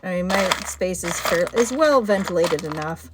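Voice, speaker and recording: Woman, casual livestream chatter, excitable, talks to objects, clicking buttons in the background. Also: fairly low pitch, moderate pace, very noisy. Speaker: button seller sorting her finds on a livestream. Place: indoor room.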